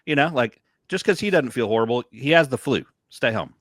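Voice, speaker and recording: A middle-aged man, co-hosting a podcast in relaxed, chatty conversation. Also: medium pitch, brisk, dry recording, clean studio sound. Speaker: podcast co-host. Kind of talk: casual chat.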